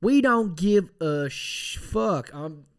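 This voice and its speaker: A man's voice: sits high, expressive, slow pace, clean tone. Rambling, profane podcast host man. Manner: rambling, profane, mock-threatening asides. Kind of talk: casual solo podcast.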